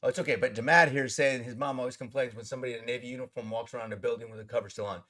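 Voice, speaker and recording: Fast-talking, animated middle-aged man. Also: medium pitch. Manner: animated, swearing freely, tangents. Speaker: actor and interview guest. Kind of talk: casual interview storytelling.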